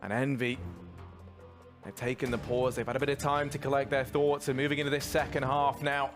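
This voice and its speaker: A man doing colour commentary on a video game match, chatty and informal, bursting into excitement on big plays. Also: mid-range voice, a little fast, music in the background. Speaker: esports caster.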